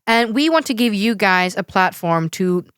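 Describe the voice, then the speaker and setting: A woman's voice: mid-range voice, lively intonation, normal speed, fairly bright tone, smooth, no room sound, studio quality. A woman who is not a native English speaker, co-hosting a podcast in teasing, casual chat and laughing often. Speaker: podcast co-host.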